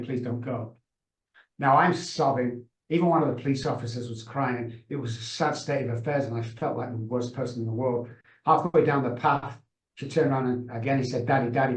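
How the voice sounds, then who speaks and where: A middle-aged man, a guest on a video call, telling his story with passion and emphasis. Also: medium pitch. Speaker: guest, addiction consultant. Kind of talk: emotional storytelling. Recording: roomy echo.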